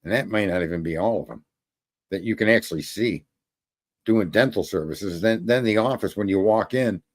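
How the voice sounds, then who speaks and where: A man's voice: on the low side, moderate pace. A man hosting a show, ranting casually and rambling to viewers, swearing often and laughing at his own jokes. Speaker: show host.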